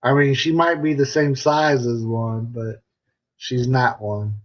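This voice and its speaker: Middle-aged American man, joking live-stream host reading comments, unhurried delivery, dull lo-fi sound. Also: medium pitch, little pitch movement. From United States. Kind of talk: casual live-stream chat.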